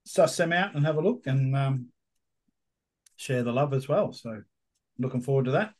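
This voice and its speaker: A man's voice: mid-range voice, lively intonation, normal speed, a little mellow. An Australian man co-hosting a casual whisky podcast, laid-back and swearing now and then. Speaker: podcast co-host. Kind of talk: casual chat over whisky.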